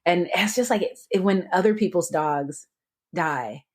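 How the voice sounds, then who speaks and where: She has a fairly low, darkish voice and a measured pace, co-hosting a podcast in easygoing conversation. Laughter comes often, and she tends to trail off and start her sentences over.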